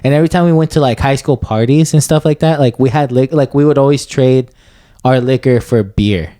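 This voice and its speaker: Mellow, rambling young man on a podcast. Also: mid-range voice, a little fast, no echo, clean studio sound. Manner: rambling, loose, full of "bro" and "you know what I mean". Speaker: podcast co-host. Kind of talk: casual comedy podcast chat.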